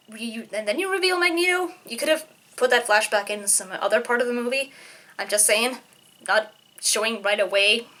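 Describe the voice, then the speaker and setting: A woman giving casual film commentary, sarcastic and ranting, with loud exasperated outbursts. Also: on the high side. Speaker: film reviewer.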